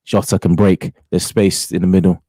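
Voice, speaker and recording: A man's voice: sits low, little pitch movement, moderate pace, mellow, no echo. A man co-commentating on a football match in a chatty, teasing way. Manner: chatty, teasing, laughs often. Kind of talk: casual live football commentary.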